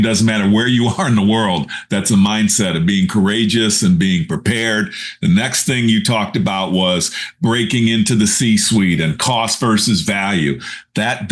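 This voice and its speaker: A middle-aged man hosting a podcast over a video call, asking long, enthusiastic questions that wander a bit. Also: fairly low pitch. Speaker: podcast host. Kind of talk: casual podcast interview.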